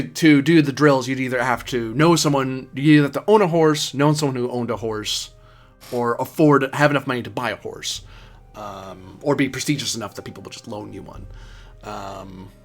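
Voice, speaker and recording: A man narrating a tabletop game as game master, in a casual, rambling way with many fillers. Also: mid-range voice.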